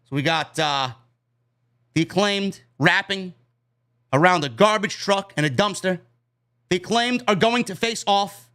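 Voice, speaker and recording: A man's voice: high-pitched, measured pace, long pauses, bright, forceful tone, clean tone. A man with a New York accent giving a loose, chatty recap of a wrestling show, with fillers and casual swearing.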